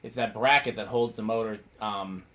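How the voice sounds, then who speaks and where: Relaxed man chatting about old fans. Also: on the low side, normal speed. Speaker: fan collector host. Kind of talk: casual technical chat.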